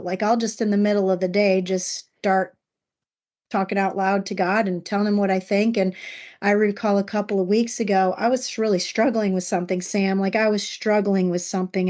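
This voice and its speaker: A middle-aged woman co-hosting a podcast, talking in an earnest, personal, reflective way and slowing down to stress key words. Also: medium pitch, darkish tone. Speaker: podcast co-host. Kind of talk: casual podcast discussion.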